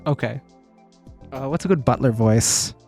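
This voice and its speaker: Slow-talking man, dry humor. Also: medium pitch, a little mellow, faint music behind. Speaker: let's-play co-host.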